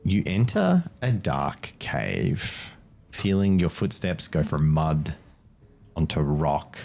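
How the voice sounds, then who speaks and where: A man's voice: very deep voice, very animated, slow pace, vocal fry, a little mellow, faint music behind. A man running a tabletop game as game master, describing scenes with frequent restarts. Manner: hesitant, restarts mid-sentence while describing scenes.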